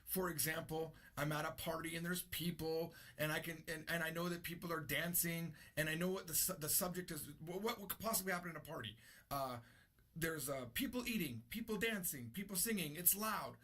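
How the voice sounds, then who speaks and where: A man's voice: on the high side, a little fast, sharp tone. A man teaching an unscripted language lesson, explaining patiently and repeating his key points. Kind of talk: unscripted classroom-style lesson.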